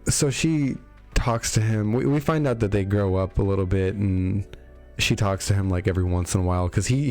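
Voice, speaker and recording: In a deep, creaky voice that's a little mellow, a host reviewing game lore casually recaps the story for his video. He peppers it with wry, sarcastic jokes and frequent fillers, with faint music in the background.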